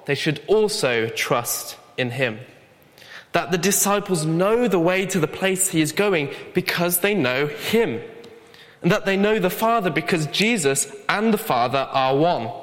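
Young man, fairly high voice, earnest conversational sermon with gentle humor, long hall echo. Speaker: preacher.

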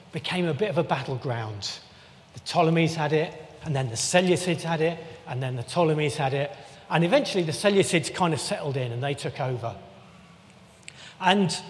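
A man giving a relaxed, conversational sermon with jokey asides, often restarting his sentences. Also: fairly high pitch. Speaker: preacher. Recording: long reverb of a church hall.

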